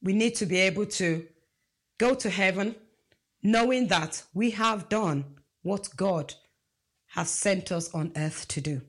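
A woman's voice: medium pitch, unhurried, long pauses, slightly rough. A woman preaching a sermon, emphatic and asking the congregation rhetorical questions.

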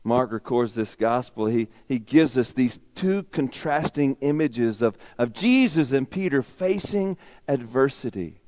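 A man preaching a sermon in a dramatic way, dropping to a whisper and rising to loud emphasis. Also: medium pitch, animated, measured pace, hardly any pauses.

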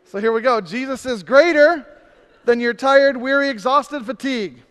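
Male pastor, high and clear voice, sermon delivery with punchy emphasis and soft asides, long church reverb. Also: moderate pace. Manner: swings between emphatic preaching and hushed, intimate asides; humorous self-deprecating asides.

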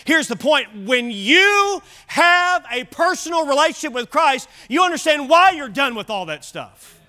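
High, bright-voiced male preacher. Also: very animated, unhurried. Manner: emphatic preaching with repeated phrases. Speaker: pastor. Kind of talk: sermon. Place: church service.

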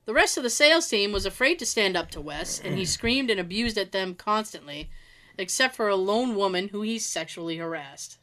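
A woman's voice: mid-range voice, expressive, normal speed, sharp tone. A woman reading work stories aloud in a casual way, laughing often and adding quips between them. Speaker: storyteller reading listener stories. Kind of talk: casual story reading with asides.

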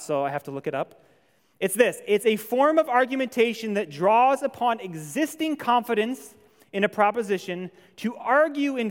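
A man pastor giving a conversational sermon in church, turning animated when he voices imagined objections. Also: sits high. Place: church hall. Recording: long hall reverb.

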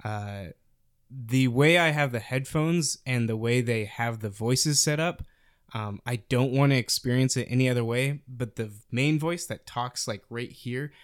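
A young man casually chatting about video games as a podcast co-host, rambling and animated with lots of fillers. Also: mid-range voice, unhurried, smooth, no echo, clean studio sound.

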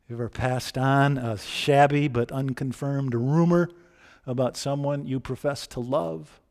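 A man's voice: medium pitch, steady tone, unhurried, darkish tone. A man preaching a sermon in a conversational way, often asking the listeners direct questions.

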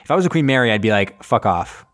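A man chatting loosely as he retells a movie plot, jumping in and out of quick impressions of the characters. His pitch sits mid-range and he rambles with lots of "like"s. He has an easygoing, joking manner. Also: lively intonation, a bit bright. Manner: rambling, acts out scenes in quick voices. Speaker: podcast host recapping a film. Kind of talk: casual chat.

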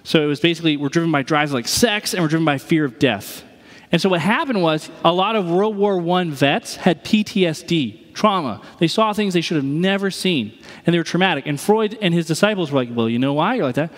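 A man's voice: fairly high pitch, fairly quick, big-room sound. A man preaching a sermon as pastor, conversational, and he acts out the voices he quotes.

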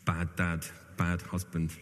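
A man's voice: low voice, monotone, takes it slowly, slight background noise. Chatty clergyman in an echoing hall. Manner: chatty, self-deprecating storyteller. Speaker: church clergyman. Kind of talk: informal sermon to a congregation. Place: large reverberant church hall. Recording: long hall reverb.

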